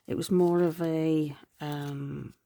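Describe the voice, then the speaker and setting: A woman's voice: deep voice, steady tone, takes it slowly. A middle-aged woman chatting through her planners, rambling and correcting herself, tired and yawning. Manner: rambling, self-correcting, soft laughs. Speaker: planner vlogger.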